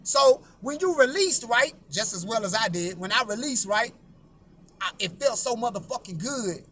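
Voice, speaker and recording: A man's voice: extremely high pitch, animated, normal speed, sharp tone, a little hiss or hum. A man hosting his own channel, telling a long story in a blunt, profane way and often repeating himself. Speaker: YouTube host.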